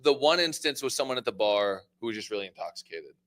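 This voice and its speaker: Fast-talking low-voiced restaurant owner. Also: male voice, very animated, a bit bright. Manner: fast, reflective, fillers like "like". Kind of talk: casual chat.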